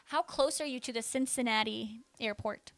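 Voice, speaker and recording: Woman, high pitch, chatty, filler-heavy livestream chat, bursts of surprise, faint background music. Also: moderate pace, a bit bright, no echo. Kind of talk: casual livestream chat, reading and answering chat.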